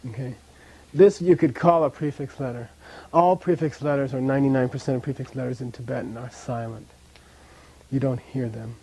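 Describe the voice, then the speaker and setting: A man's voice: mid-range voice, fairly even intonation, brisk, darkish tone, a little hiss or hum. Man teaching a chatty language class. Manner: chatty, repeats "okay?" often, drills pronunciation.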